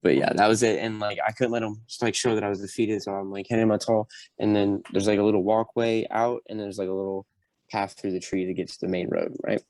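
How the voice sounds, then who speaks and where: Animated young man with a low voice. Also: fast talker, no echo. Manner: animated, acts out quotes. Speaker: podcast guest. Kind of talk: casual storytelling.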